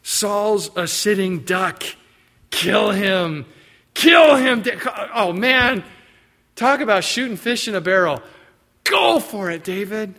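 A man's voice: high voice, drawn-out words, pitched above the performer's own voice, exaggerated voice. A man doing eager soldiers urging a kill. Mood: goading. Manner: excited, goading.

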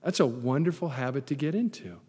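A male pastor preaches a conversational sermon to his congregation, tossing in joking asides. His husky, dark-toned voice sits in the mid range and moves briskly with lively intonation. Long reverb fills the large hall around him.

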